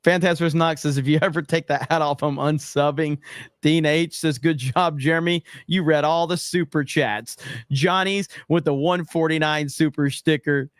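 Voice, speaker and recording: A man's voice: on the high side, fairly even intonation, normal speed, clear, resonant tone, dry recording, studio quality. A man hosting a casual livestream, reading out viewer messages and answering them in a profane, exasperated, joking way. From United States. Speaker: livestream host. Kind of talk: casual livestream chat reading super chats.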